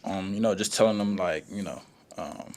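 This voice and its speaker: A young man with a low, deep voice answers press questions as a college football player. He talks in a laid-back way, leaning on "you know" and "um" as he gathers his thoughts. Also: normal speed. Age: young adult. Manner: relaxed, leans on "you know" and "um" fillers.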